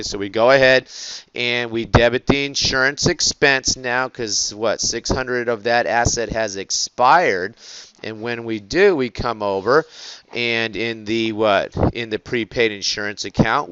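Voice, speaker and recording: A man teaching an accounting class, constantly asking the students rhetorical questions in an animated classroom lecture. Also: medium pitch, clean tone, dry recording, lo-fi sound.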